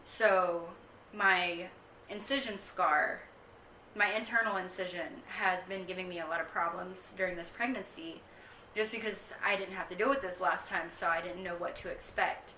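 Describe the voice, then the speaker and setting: Young woman vlogger, casual rambling chat, bright tone, roomy distant camera sound. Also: fairly low pitch, steady tone, normal speed, a little hiss or hum. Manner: chatty, rambling with frequent ums. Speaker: vlogger giving a pregnancy update. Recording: echoey room, mic set back.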